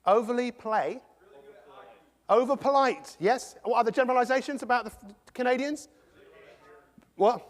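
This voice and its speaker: A high-voiced English man works a live audience with a jokey, animated motivational talk. He slips into quick impressions as he goes. His voice rings out with a long reverb from the big hall. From England. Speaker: motivational speaker.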